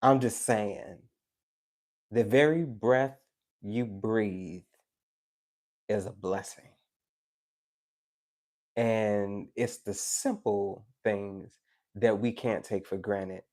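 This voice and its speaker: A man's voice: lowish voice, drawn-out words, long pauses. A man giving a tarot live stream, talking casually and animatedly to his chat, preachy and joking. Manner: animated, preachy and joking, with teasing asides to viewers.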